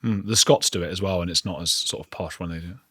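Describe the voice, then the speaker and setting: A man's voice: sits low, fast talker, fairly bright tone, slightly rough, no echo, clean studio sound. A man hosting an interview, asking curious, chatty questions in loose phrasing. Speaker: podcast host and interviewer.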